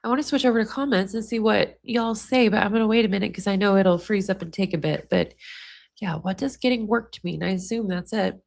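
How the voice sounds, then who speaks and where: A woman's voice: medium pitch, brisk, vocal fry, a little mellow. A woman hosting a live stream, chatting casually and speaking straight to her viewers. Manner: chatty, addresses viewers directly.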